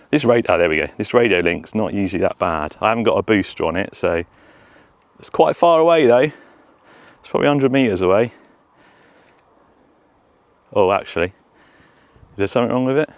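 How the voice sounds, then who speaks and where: A man testing a remote-control car outdoors by a road, chattering excitedly to himself as he films. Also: lowish voice, no room sound. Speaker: RC car vlogger. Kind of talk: casual self-narration while testing.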